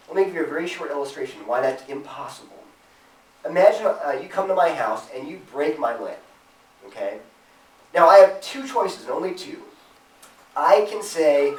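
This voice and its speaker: A man's voice: fairly high pitch, lively intonation, normal speed, darkish tone. A man giving an earnest, emphatic talk to a campus Christian group, acting out imagined objections in a raised voice. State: choked up with emotion at times. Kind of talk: apologetics talk to students. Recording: roomy, distant from the mic.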